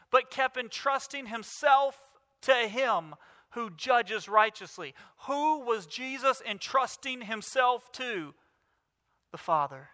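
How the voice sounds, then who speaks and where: A man's voice: extremely high pitch, bright, forceful tone. A male pastor in his thirties preaching a sermon with emphatic, rising declarations. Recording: reverberant hall.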